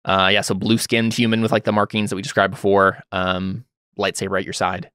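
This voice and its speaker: A man narrating as game master of a tabletop role-playing game, talking in a halting way with many fillers and restarts. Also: low-pitched, completely flat delivery, a bit bright, clear, resonant tone, no echo, studio quality.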